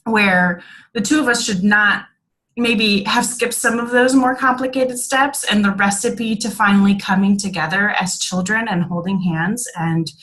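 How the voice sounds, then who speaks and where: A woman talking casually and reflectively about her own experience, with lots of fillers, slowing and softening at tender moments. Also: mid-range voice, low-quality recording. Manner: chatty, many fillers, drops softer and slower at reflective moments. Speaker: speaker sharing a personal story.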